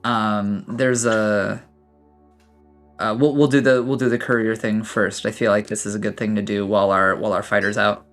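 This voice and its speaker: A man's voice: on the low side, little pitch movement, moderate pace, fairly bright tone, soft background music. A man running a tabletop game as game master, narrating loosely with many fillers and restarts.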